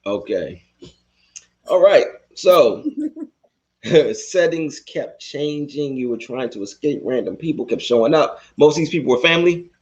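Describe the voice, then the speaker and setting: Laid-back male podcast host, lively pitch. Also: moderate pace, lo-fi sound. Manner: relaxed, laughs a lot, rambles and restarts. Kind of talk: casual interview.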